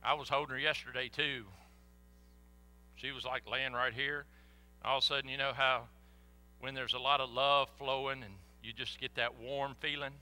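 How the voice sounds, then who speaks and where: An older man preaching a sermon in a church, animated and folksy, with sudden whoops. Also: mid-range voice, moderate pace. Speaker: pastor. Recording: echoey hall.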